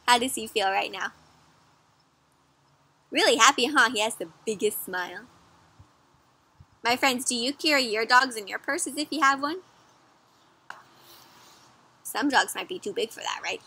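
Bright, animated woman reading to kids. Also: fairly high pitch, a little slow, pauses often, no room sound. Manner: animated, asks listeners questions, gasps. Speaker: children's storyteller. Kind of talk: interactive read-aloud for kids.

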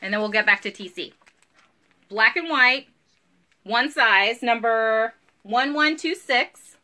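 A woman's voice: a little high, takes it slowly, bright, forceful tone, slight background noise. A woman, chatting bubbly and giggly through a live online clothing sale from home. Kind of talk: live sales stream chat.

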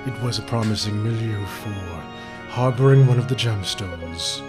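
A cold, grave demon guardian, as a man puts on a low, slow, menacing game-villain voice. He lets every threat drag out. Faint music plays behind him. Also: natural voice. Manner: slow, solemn, threatening delivery.

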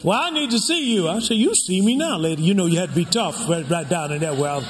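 A man's voice: fairly high pitch, animated, quick pace, a bit bright. An older man preaching a sermon as pastor, drawing the congregation in with call-and-response questions. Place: church sanctuary. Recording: echoey hall with background noise.

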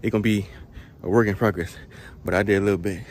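A man's voice: lowish voice, steady tone, fast, a little hiss or hum. A young man, a truck driver, chatting casually to his viewers while working out outdoors in a truck parking lot, out of breath, slangy and rambling, laughing at himself. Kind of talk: casual workout vlog chat.

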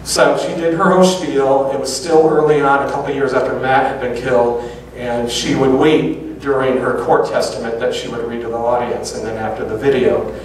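A man's voice: medium pitch, moderate pace, recorded from a distance, a little hiss or hum. Man telling a story in an echoey hall. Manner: animated anecdotes with quoted dialogue. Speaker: public speaker. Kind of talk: storytelling lecture. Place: large auditorium.

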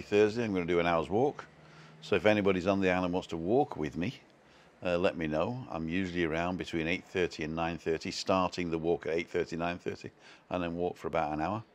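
A man hosting a casual live stream, chatting in a self-deprecating way and reading out viewer comments from home. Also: low voice.

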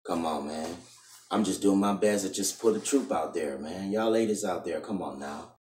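A man's voice: deep voice, moderate pace, a little mellow, far from the mic, a little hiss or hum. A man lecturing straight into his camera in a scolding, insistent tone, tacking "man" onto the end of his lines. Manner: repetitive, keeps ending lines with "man". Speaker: video preacher. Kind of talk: preachy monologue to camera. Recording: echoey room, voice off-mic.

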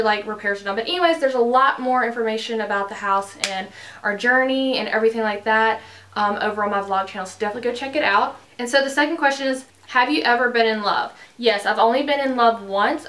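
A woman's voice: a little high, a bit bright. A young woman chatting casually to camera in a bubbly, rambling way, full of fillers, filming a tag video at home. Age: young adult. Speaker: beauty vlogger. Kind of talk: casual chat. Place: bedroom in her house.

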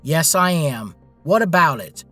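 A calm, ruthless young businessman, played by the male narrator, blunt and unbothered, a little higher than the narration. Soft music runs underneath, as in a spoken storybook. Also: measured pace, full character voice. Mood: cool.

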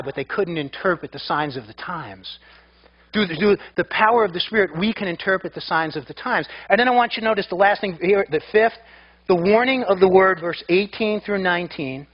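A man's voice: high voice, lo-fi sound. A man preaching a sermon as pastor, emphatic and often repeating his words as he builds a point.

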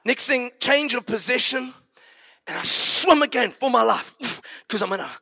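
A man preaching, telling a story in an animated way and acting it out. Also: very high-pitched, moderate pace, vocal fry, breathy edge. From South Africa. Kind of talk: sermon storytelling.

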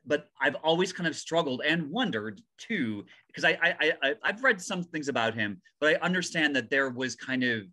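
A man hosting a podcast, asking a long question in a halting way with many restarts. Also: on the high side, expressive, pushed and bright. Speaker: podcast host. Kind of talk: casual interview.

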